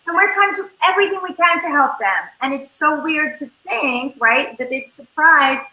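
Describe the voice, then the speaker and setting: Brief: woman family therapist, high-ish bright voice, animated, echoey room. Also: normal speed. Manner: animated, acts out parent and child voices. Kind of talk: interview advice talk.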